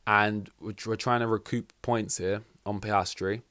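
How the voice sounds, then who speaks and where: Excitable young man podcast host. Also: on the low side, unhurried. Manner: excitable, rambling, swears freely. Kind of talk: casual race reaction commentary.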